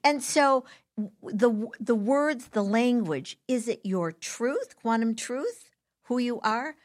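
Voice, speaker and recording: Woman, interview guest, playful, emphatic, slightly high voice. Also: lively intonation, slow pace. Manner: playful, emphatic, coins cutesy words. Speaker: guest teacher. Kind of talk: casual interview chat.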